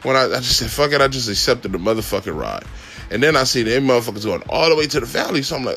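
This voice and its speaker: A man telling a long story in a casual, laid-back way, full of swearing and laughter, his voice jumping up whenever he gets excited. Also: fast talker, creaky, faint music behind. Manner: profane, laid-back, laughs often, pitch jumps when excited. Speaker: podcast host telling a driving story.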